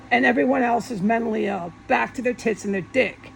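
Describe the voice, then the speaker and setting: A woman delivers a heated solo rant, swearing often and circling back over the same points. Her voice sits a little high and carries a gravelly, fried texture. She talks straight at her viewers. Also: fairly quick, slight background noise, low-quality recording. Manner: profane, agitated, repetitive. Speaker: vlogger. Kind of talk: angry monologue rant. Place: alone at home.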